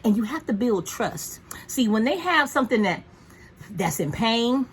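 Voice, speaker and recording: Husky, frank woman chatting casually. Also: fairly high pitch, very animated, a little slow. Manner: frank, profane and chatty, puts on voices for her dog. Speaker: vlogger and dog owner. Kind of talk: casual rambling chat.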